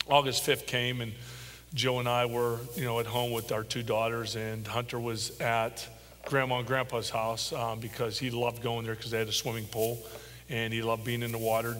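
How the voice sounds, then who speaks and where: Middle-aged guy telling his story slow and heartfelt, lotsa ums, echoey church hall. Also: mid-range voice, fairly bright tone, a little hiss or hum. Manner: halting and heartfelt, many pauses and ums. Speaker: interview guest, father. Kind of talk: personal storytelling interview.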